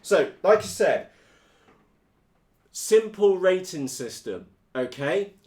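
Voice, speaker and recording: Lively British man in an echoey room. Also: sits high, takes it slowly. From United Kingdom. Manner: blunt, energetic, slangy. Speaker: RC hobby video host. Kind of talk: casual live-stream chat.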